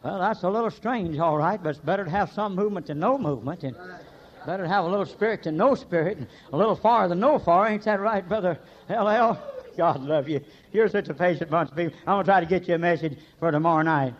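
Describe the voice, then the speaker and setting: An older man, preaching a folksy sermon full of stories, swinging between shouts and hushed talk. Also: high-pitched, fast talker, lo-fi sound. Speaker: pastor.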